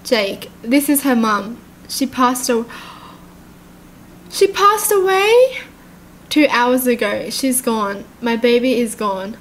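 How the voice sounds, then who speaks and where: A grieving middle-aged mother, as a woman reads her message. She is quiet and broken, with a high voice. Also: steady tone, a little slow, slight background noise, natural voice.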